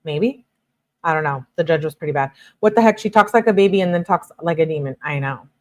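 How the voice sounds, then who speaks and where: A woman's voice: low voice, fairly quick. A woman streamer reading text messages aloud and chatting casually with her viewers about a court case. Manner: reads messages flatly, breaks off to chat with viewers. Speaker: true-crime streamer reading texts.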